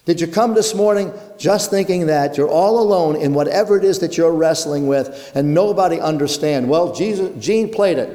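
A man preaching an earnest sermon in a church, with rhythmic phrasing and dramatic pauses. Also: fairly high pitch, mellow. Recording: long hall reverb.

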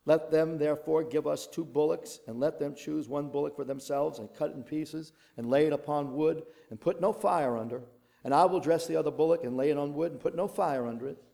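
A man's voice: a little high, brisk, vocal fry, dark tone. A man preaching a sermon, reading a long scripture passage with dramatic delivery, voicing the quoted speakers and adding his own asides.

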